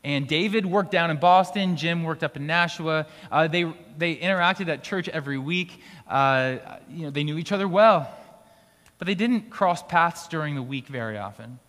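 Pastor preaching in a reverberant hall. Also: male voice, fairly high pitch, normal speed, fairly bright tone. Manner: conversational preaching with restarts and light laughs. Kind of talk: sermon. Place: school auditorium used for church gathering.

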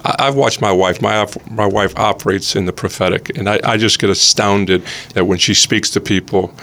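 A man's voice: fairly low pitch, steady tone, normal speed, fairly bright tone. A middle-aged man, a pastor and coach, telling an earnest story in casual conversation, often repeating words as he starts.

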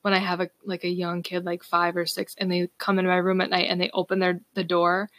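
A woman's voice: lowish voice, monotone, fairly quick, a bit bright, dry recording. Giggly young woman losing her voice. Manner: giggly and chatty. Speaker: podcast co-host. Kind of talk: casual chat.

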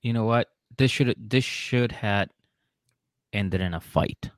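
A man's voice: lowish voice, slow pace, no room sound, clean studio sound. A man co-hosting a casual podcast who argues his point emphatically and repeats it. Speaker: podcast co-host. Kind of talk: casual chat recapping a reality show.

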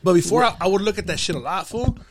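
Fast-talking profane man. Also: sits high, lively intonation, noisy background. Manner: profane, slangy, rambling. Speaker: podcast co-host. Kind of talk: casual chat.

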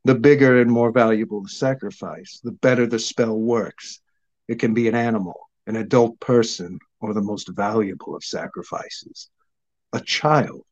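A man's voice: fairly low pitch, steady tone, normal speed, highs cut off, natural voice. A man voicing a snapping old crone witch. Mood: sullen. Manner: snapping, sneering. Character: angry old female crone witch, cruel and cackling.

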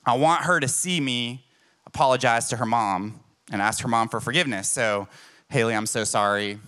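A male pastor delivering a sermon, shifting between emphatic personal stories and earnest, self-mocking asides. His voice is bright and forceful, at an average pitch for a man. He preaches to a church crowd that answers him with amens. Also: moderate pace. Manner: emphatic storytelling, self-deprecating.

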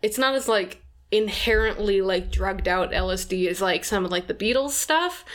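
A woman's voice: medium pitch, expressive, moderate pace, a bit bright. A young woman co-hosting a podcast, casually explaining word origins with lots of fillers. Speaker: podcast co-host. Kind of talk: casual chat.

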